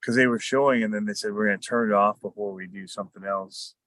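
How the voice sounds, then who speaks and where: A man's voice: lowish voice, fairly even intonation, quick pace, fairly bright tone, no echo. A man on a casual group chat, talking hesitantly and thinking aloud.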